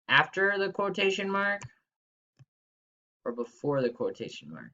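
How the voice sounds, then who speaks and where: Young man, third grade teacher, playful and exclamatory, bright tone, dull home recording. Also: sits high, wildly swooping pitch, measured pace. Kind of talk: recorded remote grammar lesson.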